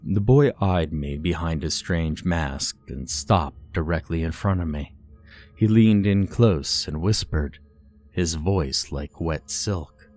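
Deep slow male horror narrator. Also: darkish tone, soft background music. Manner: measured, dramatic storytelling.

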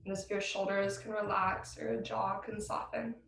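A woman leads a yoga class over a video call, her voice calm and encouraging with the odd soft laugh. Her pitch sits mid-range, and the room sounds roomy. A faint hum of ambience runs underneath. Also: moderate pace, creaky. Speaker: yoga teacher. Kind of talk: guided vinyasa class instruction. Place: at home.

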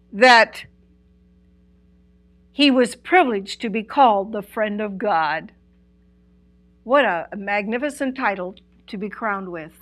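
A woman teaching a Bible study lesson, earnest and emphatic, asking listeners direct questions and swinging between loud and soft phrases. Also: a little high.

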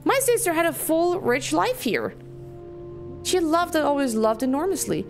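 A woman's voice: high-pitched, big pitch swings, normal speed, faint music behind, voice pushed up. A woman reading aloud a grieving, bitter woman who defends her dead sister in a narrative game. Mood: bitter, accusing. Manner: bitter and accusing.

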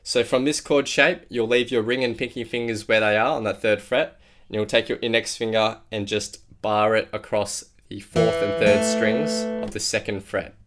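A man's voice: fairly low pitch, steady tone, moderate pace. A man giving a step-by-step guitar lesson, explaining chord shapes and counting out strumming patterns beat by beat. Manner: clear step-by-step instruction, counting beats aloud. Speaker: guitar teacher. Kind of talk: guitar tutorial. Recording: loud acoustic guitar under the voice. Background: acoustic guitar playing.

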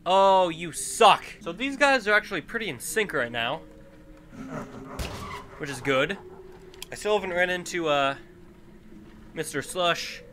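A man with a stuffy nose commentating a horror game as he plays, jumpy and quick to yell back at the enemies. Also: sits high, expressive, background noise. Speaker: gaming YouTuber. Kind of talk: horror let's-play commentary.

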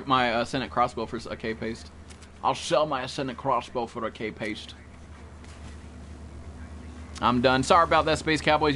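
A man's voice: medium pitch, a bit bright, a little hiss or hum. A young man streaming a video game, talking to his chat with brash, profane trash talk. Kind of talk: live gameplay commentary.

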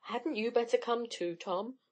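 A woman voicing an excitable, slightly selfish schoolgirl who gushes and pouts. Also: a little high, moderate pace. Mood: excited. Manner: gushing, pouting.

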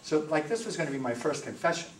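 Brief: male priest, lively storyteller, higher voice, distant mic, roomy noisy hall. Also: fast talker. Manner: animated storyteller, joking. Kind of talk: parish talk with audience questions. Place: parish hall with audience.

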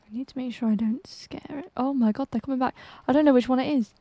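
A young woman giving casual gameplay commentary, excitable and jumpy, with frequent exclamations and gasps. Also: sits high, quick pace, no echo. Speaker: gaming channel host.

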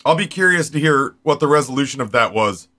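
Chatty bright-voiced man in his forties. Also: mid-range voice, lively intonation, fairly quick. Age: 40s. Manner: rambling, chatty, talks straight to viewers. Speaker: streamer. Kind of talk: casual live-stream chat.

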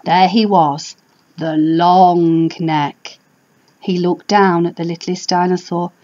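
A woman reading a picture book aloud for primary school children, animated and drawing out key words. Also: lowish voice. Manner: animated, drawn-out emphasis. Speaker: storybook reader for a primary school. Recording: dull lo-fi home recording.

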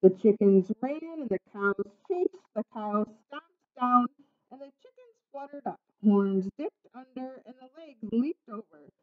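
A woman reading a children's picture book aloud in an expressive, singsong storytelling manner. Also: on the high side, unhurried. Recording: slightly muffled lo-fi recording.

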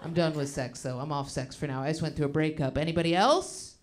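A woman's voice: low-pitched, fairly even intonation, fast talker. Brash, foul-mouthed woman comedian in her thirties. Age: 30s. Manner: brash, profane, self-mocking delivery. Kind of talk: stand-up comedy set. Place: stage before a live audience. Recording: live set with loud background noise.

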